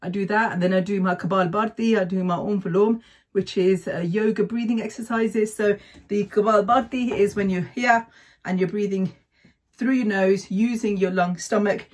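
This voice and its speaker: A middle-aged woman speaks in a relaxed, chatty way, sharing practical tips and often pausing for a quick "okay?". Her voice sits at an ordinary pitch and has a breathy, slightly husky edge. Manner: chatty, keeps adding "okay?". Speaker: vlogger sharing health tips. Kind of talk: casual advice talk to camera.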